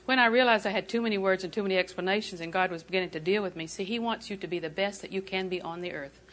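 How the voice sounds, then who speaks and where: A woman's voice: mid-range voice, racing, a bit bright, slight background noise. An older woman preaching a sermon, telling folksy, humorous stories and laughing often.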